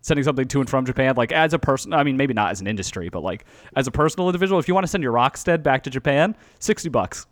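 A man with a mid-range voice talks at a racing pace over a remote call mic. Co-hosting a podcast in casual chat, he's an animated knife enthusiast, his talk heavy with "like," filler and restarts.

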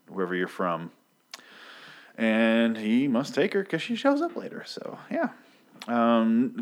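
A man casually recapping a comic book issue, rambling and profane, with many filler ums and restarts. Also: fairly low pitch.

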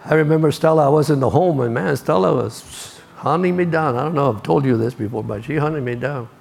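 A man's voice: a little high, brisk, gravelly, a little mellow, soft background music. An older man preaching a sermon, telling stories and repeating key lines for emphasis.

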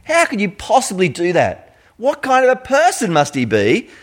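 A man with an Australian accent preaching a sermon in an animated, conversational storytelling manner. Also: sits high, normal speed.

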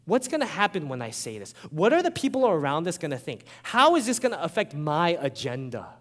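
A man preaching a sermon as a pastor, animated and conversational, often checking in with his listeners. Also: a little high, fairly quick, in a large hall.

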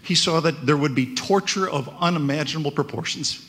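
A man's voice: a little high, a little fast, a bit bright, slight background noise. A man preaching a conversational sermon, often checking in with "right?". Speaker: pastor.

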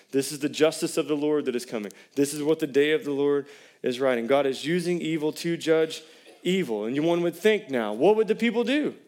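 A man's voice: mid-range voice, a little mellow. A man, a pastor preaching a sermon in a conversational way and putting questions to the congregation.

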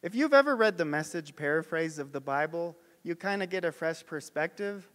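A man preaching a sermon emphatically, swelling and dropping his voice and slowing on key words. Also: on the high side, animated, long reverb tail. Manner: emphatic, with swings in loudness and slowed key words.

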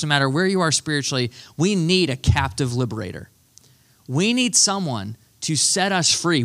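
A male pastor preaching in a lively storytelling way, poking fun at himself as he goes. His voice sits a little high and sounds bright and forceful. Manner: animated, self-deprecating storyteller. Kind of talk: storytelling sermon.

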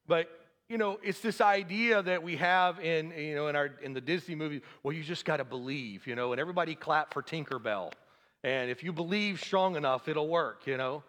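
A man's voice: fairly high pitch, brisk, a bit bright, long reverb tail. A male pastor preaching a sermon, building to fervent, emphatic passages and easing back to a conversational tone with the congregation.

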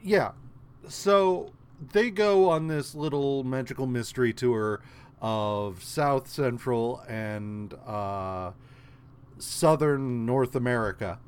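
A man talks through a comic plot on a podcast at an unhurried pace. He stumbles over names, restarts his sentences and leans heavily on fillers. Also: mid-range voice, a little mellow, clean tone. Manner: halting, many fillers and restarts. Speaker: podcast co-host. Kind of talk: casual chat recapping comics.

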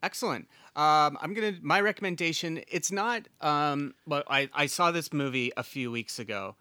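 Bright-voiced man co-hosting a podcast. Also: fairly high pitch, moderate pace, smooth, dry recording. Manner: rambling, laughs often, swears casually. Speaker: podcast co-host. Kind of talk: casual podcast chat.

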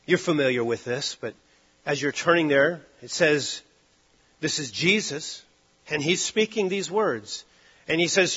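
A man preaching a sermon, driving points home with loud stresses and then dropping to hushed, low lines. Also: moderate pace, husky, muffled recording.

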